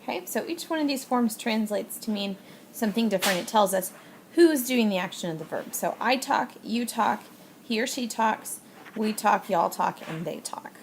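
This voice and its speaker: A woman's voice: medium pitch, lively intonation, moderate pace, a little hiss or hum. A woman teacher explaining Spanish verb endings step by step in a recorded video lesson, patient and plain, with frequent fillers.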